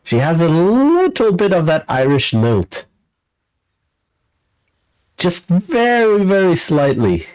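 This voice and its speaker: A man's voice: sits high, huge pitch swings, slow pace, long pauses, a little mellow, clear, resonant tone, rough recording. Man reading game dialogue aloud. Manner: reads dialogue aloud, playful reactions. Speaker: streamer. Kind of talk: casual let's-play commentary.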